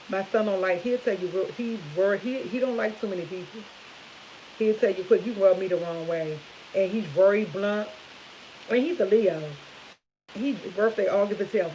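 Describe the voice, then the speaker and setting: A woman's voice: medium pitch, a little mellow, low-quality recording. Casual chatty woman on a livestream, goes on and repeats herself, slight hiss in the background. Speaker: livestream host. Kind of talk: casual chat to viewers.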